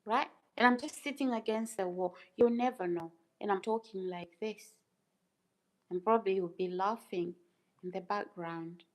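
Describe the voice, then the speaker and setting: A woman with a medium-pitched voice talks at normal speed, hosting her own YouTube livestream and addressing her chat casually but emphatically. She repeats phrases and poses rhetorical questions, and the recording quality is low.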